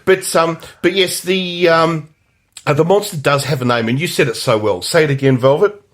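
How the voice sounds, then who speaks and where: A man's voice: on the high side, normal speed. A man co-hosting a casual movie podcast, rambling through his points with many fillers and restarts. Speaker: podcast co-host. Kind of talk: casual movie review chat.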